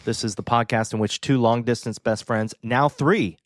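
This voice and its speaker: A man's voice: mid-range voice, fairly even intonation, moderate pace, no echo, clean studio sound. A man co-hosting a casual horror podcast, teasing his friends and laughing often. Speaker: podcast co-host.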